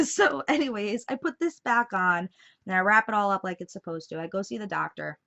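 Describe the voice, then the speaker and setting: A woman's voice: mid-range voice, animated, normal speed, vocal fry, pushed and bright. A young woman vlogging casually to camera, telling a story in a chatty way with lots of fillers. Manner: chatty storytelling, many fillers, laughs through it. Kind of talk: casual vlog chat to camera. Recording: slightly dull lo-fi sound.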